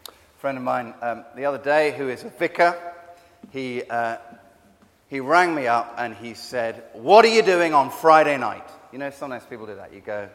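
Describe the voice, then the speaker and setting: A man preaching a sermon, conversational and halting, telling stories with animated bursts. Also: medium pitch, big-room sound. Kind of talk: sermon with storytelling.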